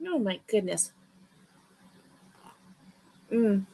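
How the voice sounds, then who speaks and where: A woman's voice: medium pitch, expressive, very slow, dark tone. A woman hosting a crochet livestream, chatting casually with viewers. She sounds tired and yawns, but keeps up friendly, chatty greetings. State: tired and yawning. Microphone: livestream webcam mic.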